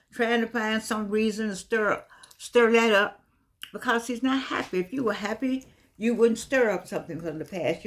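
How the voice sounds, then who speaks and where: A woman's voice: mid-range voice, a bit bright. A woman vlogging in a casual, meandering monologue that often circles back and repeats itself. Some of her words come out slightly slurred because of missing teeth. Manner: chatty, meandering, repeats herself.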